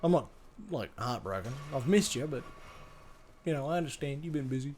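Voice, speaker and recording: A man's voice: medium pitch, lively intonation, a little fast, darkish tone, a little hiss or hum. An Australian man chatting casually on a live gaming stream, rambling, swearing freely and reading chat aloud.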